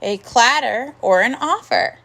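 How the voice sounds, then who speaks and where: Slow, bright-voiced woman teaching phonics. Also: on the high side, animated. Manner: slow, clear, encouraging teacher talk with drawn-out sounds. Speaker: first grade teacher. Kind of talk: recorded phonics lesson.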